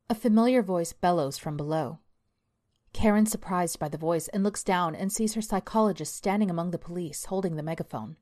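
A woman narrating a dark story with a measured, suspenseful delivery. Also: fairly low pitch.

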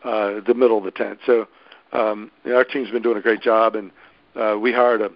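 A man's voice: fairly low pitch, level tone, brisk, dry recording, dull audio. A man organizing a hosted event, chatting casually and enthusiastically with many restarts. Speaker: local event host organizer. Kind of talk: casual podcast chat.

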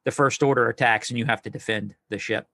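A man's voice: medium pitch, steady tone, fast talker, bright, forceful tone, no echo, studio quality. A man co-hosting a podcast, chatting casually and with enthusiasm. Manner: enthusiastic, laughs easily.

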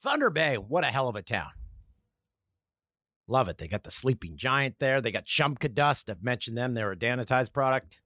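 A man from Canada hosting a solo comedic podcast, talking in an animated, sarcastic way and slipping into mock voices. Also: mid-range voice, normal speed, no echo, studio quality. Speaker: podcast host.

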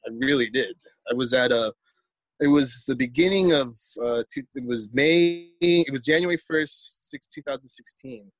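A man's voice: mid-range voice, normal speed, no echo. A man, a poet telling a story in a casual interview, rambling and repeating words as he acts out quotes.

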